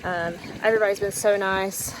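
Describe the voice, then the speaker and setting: A woman's voice: mid-range voice, steady tone, fairly quick, noisy background. A woman chatting casually in a trail vlog, upbeat and full of fillers, recorded outdoors on a phone. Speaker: thru-hiker vlogger.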